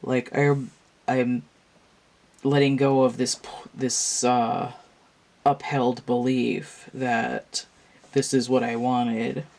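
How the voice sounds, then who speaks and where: A woman's voice: a bass voice, little pitch movement, slow, darkish tone. A tired, yawning woman reading tarot cards to a camera at home, musing aloud and meandering with restarts in a casual monologue. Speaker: tarot reader.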